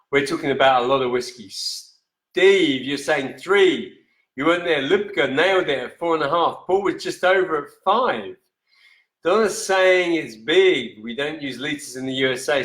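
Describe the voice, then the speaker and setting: Fairly high-pitched and sharp, a man's voice carries through a roomy space as he hosts a casual live whisky show. He reads viewer comments, fixes his own slips as he talks, and moves out of frame from in front of the camera.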